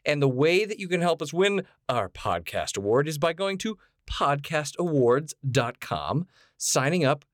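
A man's voice: on the high side, big pitch swings, measured pace, no room sound, clean studio sound. A man co-hosting a podcast, rambling with playful, self-mocking banter. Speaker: podcast co-host. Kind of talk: casual banter.

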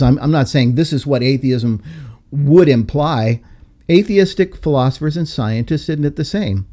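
A man's voice: medium pitch, mellow. A man hosting a podcast discussion, talking in an emphatic, lecturing way. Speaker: podcast host.

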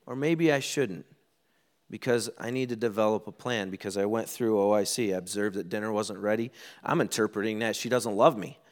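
A middle-aged man preaching a sermon, telling stories and acting out quoted lines with lively ups and downs. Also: lowish voice, brisk. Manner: animated storytelling, acts out quotes. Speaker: pastor.

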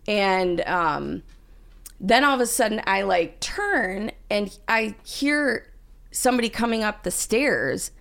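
Gravelly-voiced woman telling a story. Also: mid-range voice, slow. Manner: animated, acts out her own panicked lines. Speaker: podcast co-host. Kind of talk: casual storytelling chat.

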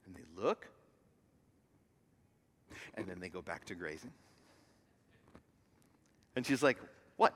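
A man preaching a sermon as pastor, moving from loud emphatic lines to hushed near-whispers and acting out voices in his stories. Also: deep voice, lively intonation, slow, long pauses. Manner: acts out quoted voices while telling a story.

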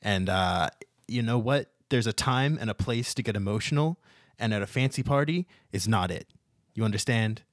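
A man's voice: lowish voice, no echo, clean studio sound, close to an everyday voice. A man voicing a prim, status-minded gnome mother at a fancy party, talking down to people and restarting his sentences often. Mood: condescending. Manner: condescending, halting with many restarts.

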